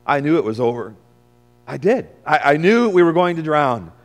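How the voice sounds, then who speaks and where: A man preaching a dramatic first-person sermon as a weathered, shaken fisherman disciple, storytelling in swings from hushed to loud. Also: a little high, big pitch swings, moderate pace, soft background music. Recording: long reverb of a large hall.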